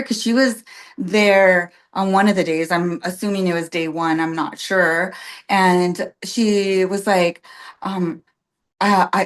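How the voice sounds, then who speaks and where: A woman's voice: medium pitch, fairly even intonation, a little slow. A young adult woman, a podcast guest, telling her story in a casual, chatty way, full of "like" and "um" and acting out what others said. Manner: chatty, many "like" and "um" fillers, acts out quotes.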